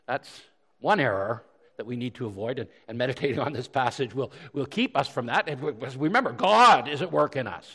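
A pastor preaching a sermon in an earnest way, often repeating words and asking rhetorical questions. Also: male voice, mid-range voice, animated, a little fast, a bit bright. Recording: long hall reverb.

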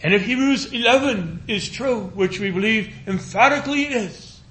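A man preaching a sermon in an earnest, pleading cadence, repeating phrases and slowing into a hushed voice on scripture. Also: high voice, animated.

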